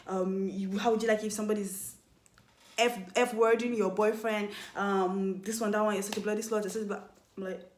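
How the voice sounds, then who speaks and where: A young woman telling a casual storytime vlog, animated, acting out quoted lines in a higher voice. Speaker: vlogger. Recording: echoey room.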